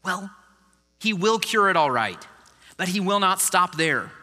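A man preaching a sermon as a pastor, in a conversational, animated way. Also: high voice, a little slow, big-room sound.

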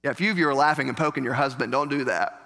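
A man pastor preaching a sermon in a church, animated, with joking asides to the congregation. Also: medium pitch, rapid-fire. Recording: echoey church hall.

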